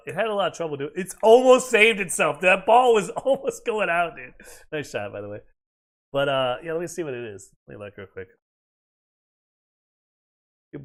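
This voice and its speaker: A man chatting casually and profanely while streaming a video game, rambling between reactions to play. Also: fairly high pitch. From United States. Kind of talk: casual chat while gaming.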